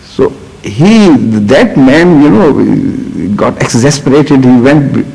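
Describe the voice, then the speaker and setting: A man answering audience questions in a deliberate way, often pausing on "uh" and restarting his sentences. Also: medium pitch, expressive, vocal fry, mellow. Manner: deliberate, with frequent "uh" pauses and restarts. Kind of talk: question-and-answer talk with storytelling. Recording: reverberant hall recording.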